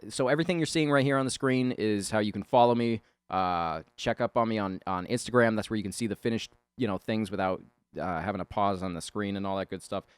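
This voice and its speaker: A man's voice: fairly low pitch, dry recording. A man who hosts a drawing channel, chatting casually as he draws. He rambles, laughs often and swears. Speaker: illustrator and channel host. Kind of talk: casual chat while drawing.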